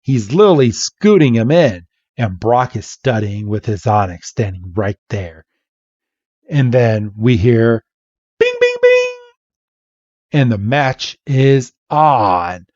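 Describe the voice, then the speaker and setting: A man hosting a podcast, giving a playful, animated comic recap narration. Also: medium pitch, slow, no room sound, dull audio. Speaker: podcast host.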